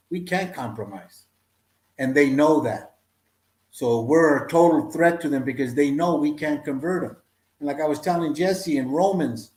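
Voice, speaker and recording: A man's voice: a little high, a little mellow. A man on a talk-show panel, speaking in an earnest, preaching way. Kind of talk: casual talk-show discussion. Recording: roomy echo.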